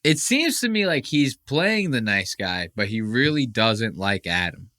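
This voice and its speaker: A man's voice: mid-range voice, a little slow, no echo, studio quality. A man hosting a podcast in casual reaction chat, swearing freely and acting out quotes with mocking impressions. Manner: animated, swears a lot, does mocking impressions. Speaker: podcast host.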